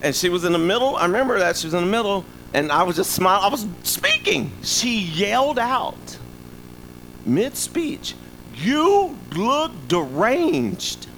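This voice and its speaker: High bright-voiced guy preaching, lively and jokey, bit of noise behind. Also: normal speed, low-quality recording. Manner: animated, humorous, call-and-response asides. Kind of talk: sermon.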